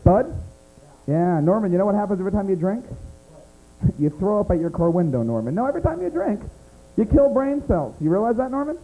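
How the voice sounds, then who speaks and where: A man's voice: high-pitched, sing-song, fairly quick, warm tone, low-quality recording. An American man doing stand-up comedy in a small club, teasing audience members by name in a brash way. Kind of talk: stand-up comedy set with crowd work.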